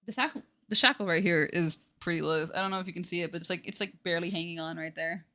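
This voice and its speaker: A woman streamer commenting casually on a game, excitable, emotional and swearing freely. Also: fairly low pitch, fast talker. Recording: game music playing loudly behind. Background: game music.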